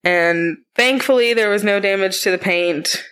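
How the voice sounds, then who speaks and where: A woman in her thirties co-hosting a family podcast, telling stories in a casual, animated way and swearing freely. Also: medium pitch, normal speed, smooth. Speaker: podcast co-host. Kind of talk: casual chat.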